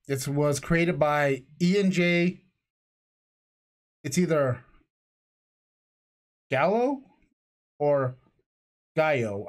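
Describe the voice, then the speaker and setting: A man with a slightly high voice co-hosts a casual podcast. He rambles through tangents and jokes and laughs at his own asides. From lived in Florida. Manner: rambling, jokey, laughs often. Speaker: podcast co-host. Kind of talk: casual chat.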